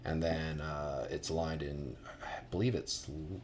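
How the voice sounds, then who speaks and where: A man's voice: extremely low pitch, fairly even intonation, slow pace, slight background noise. An American man giving a casual boot review, rambling with many fillers and restarts.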